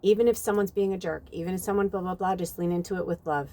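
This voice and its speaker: Speaking quickly in a low, dark voice with fairly even intonation, this tarot reader offers a casual channeled spiritual reading outdoors at night. Her talk is chatty and rambling, with lots of fillers.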